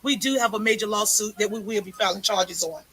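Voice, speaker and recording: A woman's voice: mid-range voice, a little fast, fairly bright tone, slightly rough, rough recording. A woman reporting live as a citizen journalist, talking emphatically with her voice often raised. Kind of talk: live-streamed street vlog.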